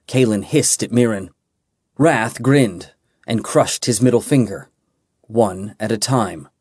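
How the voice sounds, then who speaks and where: A man narrating a fantasy audiobook with a measured, dramatic reading. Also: mid-range voice, darkish tone, dry recording, clean studio sound. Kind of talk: scripted narration.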